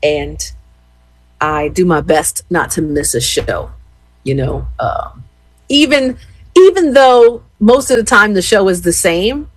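A woman in her fifties from Philadelphia, chatting casually with her live-stream viewers as an animated, expressive storyteller. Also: on the low side, takes it slowly, dry recording, poor audio. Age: 50s.

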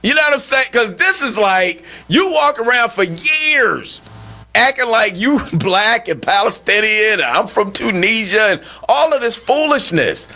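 A man's voice: high-pitched, sing-song, unhurried, bright, forceful tone. A man hosting a call-in radio talk show, speaking emphatically and firing off rhetorical questions.

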